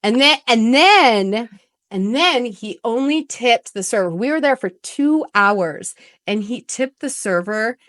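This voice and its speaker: A woman guest on a podcast, a relationship coach, telling stories in a blunt, profane and animated way. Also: a little high, takes it slowly, no room sound, studio quality. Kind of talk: casual podcast storytelling.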